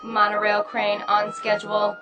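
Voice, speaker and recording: A woman voicing a calm, dutiful factory computer that makes flat, mechanical announcements in an old radio drama. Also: mid-range voice, moderate pace, over music, close to an everyday voice. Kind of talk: 1960s radio drama acting.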